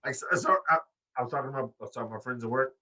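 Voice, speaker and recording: A bright, husky-voiced man chats on a wrestling podcast, swearing freely and jumping into high put-on voices for quotes. He sits some way back from the mic. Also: rapid-fire, recorded from a distance, highs cut off. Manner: animated, profane, acts out quotes in high voices. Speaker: podcast co-host. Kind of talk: casual wrestling podcast chat.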